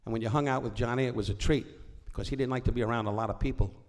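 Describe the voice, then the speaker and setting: Speaking rapid-fire in a steady, mid-range voice, this older comedian guest from New York spins rambling, wisecracking stories for a live audience. He often breaks off mid-thought to interrupt himself.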